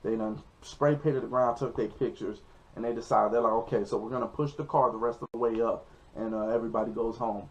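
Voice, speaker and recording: A young man tells a story in casual vlog style, animated and leaping into high yelps when he acts out quotes. His voice is gravelly with some fry. The recording is dull and lo-fi. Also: a little fast. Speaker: comedian telling a story.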